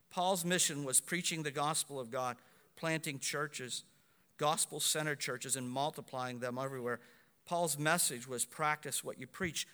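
A man, a pastor, preaching a sermon with animated delivery, swinging between loud and hushed passages. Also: on the high side, clean tone, long reverb tail.

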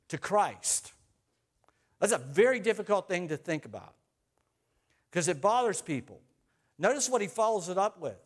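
A male preacher with a high voice delivers a sermon. He reads scripture aloud and hammers home his points by repeating key phrases with emphasis. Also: big pitch swings, unhurried, long pauses.

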